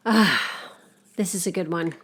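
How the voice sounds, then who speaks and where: A woman's voice: lowish voice, a little slow, a bit bright, slightly rough. A young adult woman co-hosting a casual podcast, blunt and emphatic, swearing freely as she gives advice. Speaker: podcast co-host.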